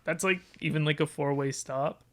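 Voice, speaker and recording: A man's voice: fairly high pitch, fairly even intonation, normal speed. A young man chatting as a guest, rambling with lots of "like" fillers. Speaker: podcast guest. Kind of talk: casual chat.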